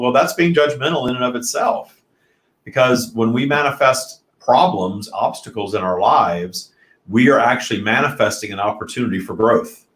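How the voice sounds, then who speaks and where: Earnest man with a low voice, echoey room. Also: moderate pace, a bit bright. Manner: earnest, reflective, personal. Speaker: host of a spiritual live stream. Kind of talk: casual spiritual talk.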